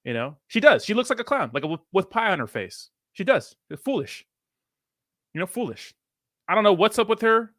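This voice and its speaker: A man reacts to a clip in blunt, profane street slang, calling people clowns and tossing in "bro" and "dude". His voice is bright and forceful. The recording is dry and close. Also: high voice, big pitch swings, normal speed, no echo. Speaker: reaction streamer. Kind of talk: casual reaction commentary.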